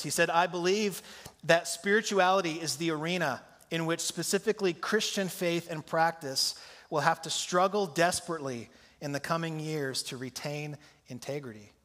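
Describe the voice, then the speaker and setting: A man with a fairly high, somewhat bright voice preaches a sermon in a church sanctuary, speaking conversationally and putting questions to his congregation. The recording carries the long reverb of a church hall.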